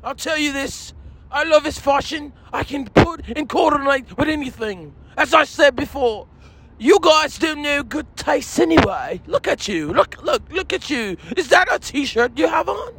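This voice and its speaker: A man voicing a boastful, touchy self-styled British gentleman with a put-on British accent, lecturing haughtily and breaking into shouted rants in a comedy sketch. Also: very high-pitched, animated, measured pace, a little hiss or hum, full character voice, rough recording. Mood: indignant. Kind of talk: comedy sketch character monologue.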